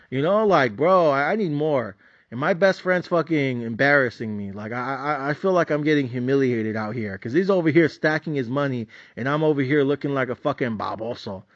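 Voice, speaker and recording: A man's voice: medium pitch, dry recording, highs cut off. A man hosting a podcast, telling a story in a casual, profane, fired-up way with lots of slang. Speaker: podcast host. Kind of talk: casual monologue.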